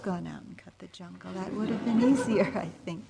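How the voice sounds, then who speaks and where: A woman meditation teacher giving a dharma talk in a low, warm voice. Her tone is breathy and soft-spoken, sometimes sinking almost to a whisper. She is gentle and unhurried, and her speech is full of small fillers. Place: meditation retreat center.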